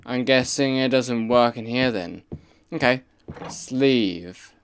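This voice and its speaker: Man, gameplay commentary, unhurried, middle pitch, talks to himself, reactive exclamations. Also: slight background noise. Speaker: let's play gamer.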